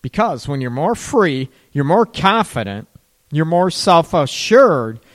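A man's voice: on the high side, big pitch swings, slow. A middle-aged man giving casual, rambling relationship and sex advice, now and then acting out worried voices.

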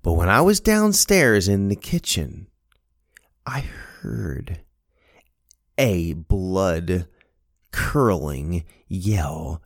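A middle-aged man hosting a podcast, telling a story in a casual, animated, self-amused way. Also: lowish voice, slow pace, dry recording, studio quality. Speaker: podcast host.

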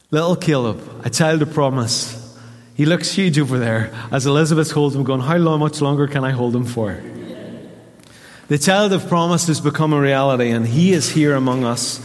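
Northern Irish pastor preaching in a hall. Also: male voice, on the high side, normal speed. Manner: storytelling, animated quoting of voices. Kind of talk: sermon. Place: church hall. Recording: reverberant church hall.

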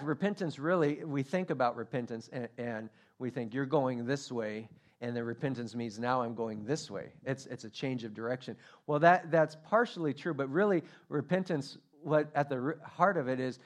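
Animated man preaching a sermon. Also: a little high. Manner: storytelling, animated with acted quotes. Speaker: pastor.

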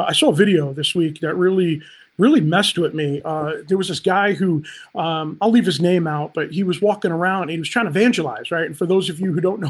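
Pastor guy on a livestream, kinda high husky voice, upbeat, talks to the chat. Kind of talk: livestream Bible teaching.

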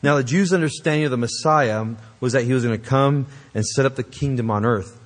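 A man's voice: mid-range voice, brisk. A man preaching a sermon, emphatic and earnest, with conversational asides to the congregation. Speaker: pastor.

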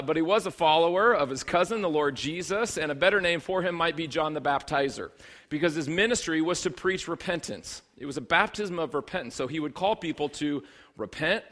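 Conversational pastor with a higher voice. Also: male voice, fairly bright tone. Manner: conversational and humorous, with rising emphatic bursts. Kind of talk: sermon.

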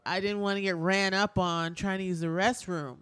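A woman hosting a radio show, talking loosely and candidly with lots of "like" and frequent swearing. Her voice sits at an ordinary pitch for a woman. The studio sound is dry and close, with no room around it. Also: steady tone, normal speed, fairly bright tone, clear, resonant tone, no room sound. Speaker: radio host. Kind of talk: casual radio chat.

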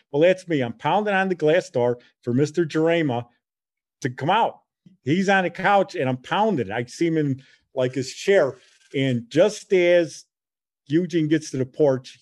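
Middle-aged man, casual animated storyteller, dry close recording. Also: mid-range voice, no room sound. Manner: animated, acts out quoted voices.

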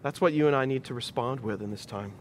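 A man's voice: mid-range voice, quick pace, slight background noise. A male pastor preaching a sermon in an emphatic style, building his points through rhetorical repetition.

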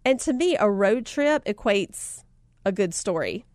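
A woman's voice: medium pitch, very animated, unhurried, a little mellow, dry recording, clean studio sound. A woman with a Southern US accent gives a casual motivational talk, telling stories animatedly, laughing often and calling her listeners y'all. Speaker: speaker sharing life lessons.

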